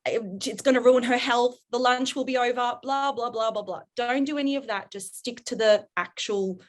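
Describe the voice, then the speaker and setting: A woman's voice: fairly high pitch, moderate pace. A woman, a parenting coach talking animatedly and acting out scenes on a podcast. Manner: animated, acts out parent and child in role-play. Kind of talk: podcast interview.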